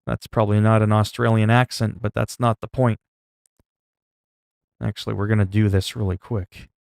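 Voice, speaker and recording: Rambling, low-voiced male streamer. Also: little pitch movement, normal speed, creaky, no room sound, studio quality. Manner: rambling, with many fillers and self-corrections; gets loud and higher when reacting in disgust. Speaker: livestreamer. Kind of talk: casual chat to a stream audience.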